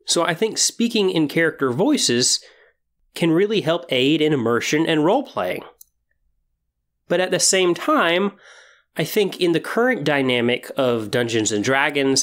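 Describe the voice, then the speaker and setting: A podcast host lays out opinions in a measured, explanatory monologue. The pitch sits in a middling range, and the delivery reasons things out step by step. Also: lively intonation.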